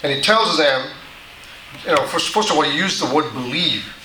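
Male pastor, sermon delivery, patient and repetitive, very bright tone, roomy church hall sound. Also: a little high, expressive, moderate pace, a little hiss or hum. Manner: patient, repetitive teaching with frequent restarts. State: dry mouth.

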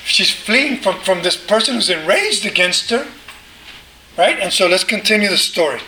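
A man preaching a sermon in a conversational, animated way, often asking the listeners rhetorical questions. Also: high-pitched, moderate pace, reverberant, slight background noise, rough recording. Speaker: pastor.

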